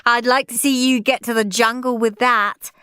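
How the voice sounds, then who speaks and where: A woman's voice: fairly high pitch, fairly even intonation, moderate pace, bright, forceful tone, clean tone, no room sound, studio quality, voice pushed up. A woman voicing a bossy, moody young girl who snaps and sneers. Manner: snappy, sneering.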